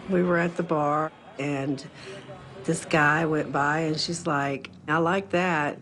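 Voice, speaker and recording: Lower-voiced woman remembering a friend. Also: steady tone, slow pace, crowd noise. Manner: conversational, uses fillers. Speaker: interviewee. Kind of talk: interview recollection. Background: music.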